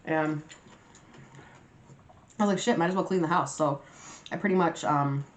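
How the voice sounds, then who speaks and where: A young woman vlogger chatting casually to her viewers, telling a story in a lively, animated way and swearing freely. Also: deep voice, normal speed. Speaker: mukbang vlogger. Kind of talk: casual storytime chat to camera. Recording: roomy echoey room.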